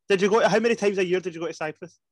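A man in his twenties co-hosting a casual podcast, asking teasing questions and laughing easily. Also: high voice. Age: 20s. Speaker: podcast co-host. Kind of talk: casual chat among friends.

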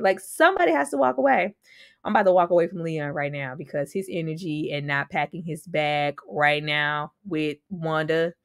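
A woman's voice: lowish voice, moderate pace, creaky, dry recording, studio quality. A young woman casually reviewing a TV episode, chatty and slangy, laughing often between points. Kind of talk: casual recap and reaction.

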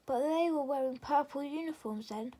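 A woman's voice: sits high, moderate pace, warm tone, natural voice. A woman doing an eager young girl.

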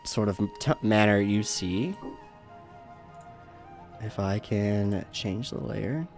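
A man runs a tabletop game, describing the scene in a loose, rambling way. His voice sits low, and he restarts sentences often. Faint music plays underneath. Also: takes it slowly. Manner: rambling narration with many fillers and restarts, laughing. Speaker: game master.

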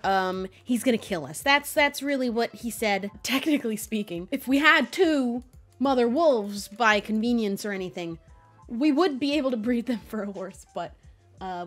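Playful young woman with a lively high voice. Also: normal speed, soft background music. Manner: chatty, playful, talks to in-game animals. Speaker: Minecraft streamer. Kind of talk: casual gameplay commentary.

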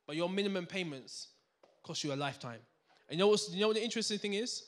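Brit guy running a money seminar, slightly high voice, high energy, keeps quizzing the room. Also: quick pace. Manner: energetic, interactive, quizzes the audience with banter. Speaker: seminar speaker. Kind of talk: live finance seminar talk. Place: room with a live audience.

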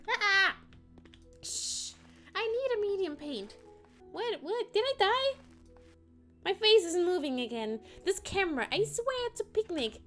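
A woman's voice: extremely high pitch, sing-song, normal speed, soft background music. A woman streamer chatting playfully and rambling as she plays, often singing little ditties to herself. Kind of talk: casual gameplay chat.

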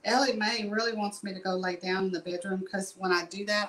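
A woman's voice: lowish voice, steady tone, brisk, fairly bright tone, rough recording. A middle-aged woman gives a casual painting tutorial, chatting and rambling in folksy asides while she works. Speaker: painting instructor.

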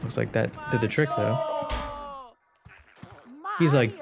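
A man's voice: medium pitch, slow, creaky, background noise. A man who hosts a gaming channel, giving joking, sarcastic let's play commentary. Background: game music.

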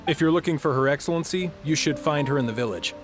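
A polite island guard, voiced by a man, gives formal directions for a fantasy video game. He talks quickly in a fairly light voice, with music behind him. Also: a little high, natural voice.

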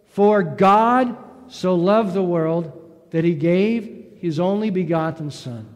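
High-voiced preaching man, slow delivery. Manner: preaching with questions to the congregation. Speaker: pastor. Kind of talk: sermon. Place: church sanctuary. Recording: long hall reverb.

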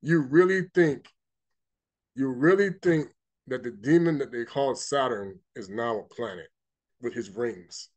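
A man's voice: mid-range voice, measured pace. A man giving an informal spiritual teaching, emphatic and rambling, repeating himself and reading scripture aloud. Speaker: religious teacher.

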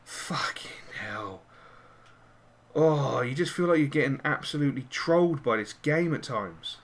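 This man runs a gaming channel and commentates on a football game live, his voice fairly high and his pace normal. He cheers and swears at his players with plenty of excitement.

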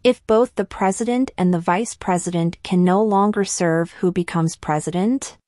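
A woman slowly reading civics test questions and answers in a measured, deliberate way. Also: lowish voice, warm tone, no echo, clean studio sound. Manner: measured, deliberate delivery with long pauses.

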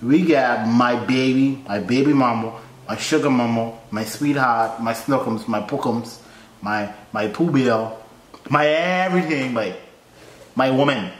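A man hosting a reaction video in casual commentary, playful and teasing, with loud excited outbursts. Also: mid-range voice, measured pace. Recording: echoey room.

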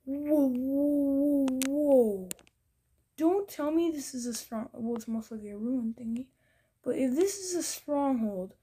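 A young woman giving casual gameplay commentary, thinking aloud, getting excited and now and then dropping into whispers. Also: high-pitched. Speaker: gaming video creator. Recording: faint background noise.

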